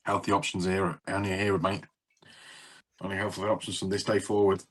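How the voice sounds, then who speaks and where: Co-hosting a podcast, a man teases his friend in relaxed, playful banter and throws out sing-song greetings. His deep voice is a bit bright, moving at a moderate pace with a flat delivery.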